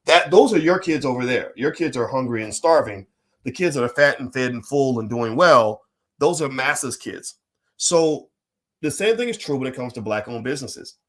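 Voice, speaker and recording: A man giving a casual opinion monologue as a finance commentator. He talks emphatically, repeats key phrases and laughs while making his points. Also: mid-range voice.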